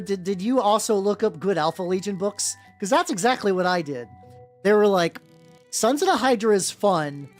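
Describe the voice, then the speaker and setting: A young woman chatting casually on a livestream, rambling with lots of restarts and greeting her chat. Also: medium pitch. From United States. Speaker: streamer. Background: faint background music.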